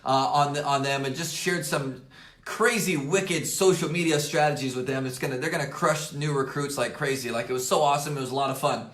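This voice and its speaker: A man coaching on camera from his office desk, slightly hoarse, talking emphatically, repeating key points and dropping "right?" and "okay?" between phrases. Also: mid-range voice. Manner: energetic and emphatic, fills pauses with "right?" and "okay?". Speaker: network marketing coach. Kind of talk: motivational coaching talk to camera. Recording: roomy echo.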